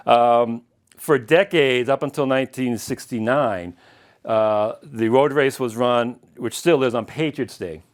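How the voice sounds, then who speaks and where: A middle-aged man lectures in an easygoing, conversational way. He rambles through stories with the odd chuckle, his voice sitting at a plain, ordinary pitch. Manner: chatty and anecdotal, chuckling at his own stories. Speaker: lecturer and longtime marathon runner. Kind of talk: casual illustrated lecture.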